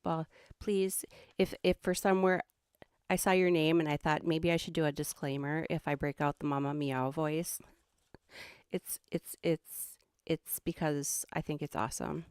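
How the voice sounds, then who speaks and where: A woman's voice: low voice, fairly even intonation, moderate pace, a little mellow, clean tone, no room sound. A middle-aged woman with a Minnesotan accent who hosts a livestream and chats casually in a rambling way, laughing often. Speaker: host.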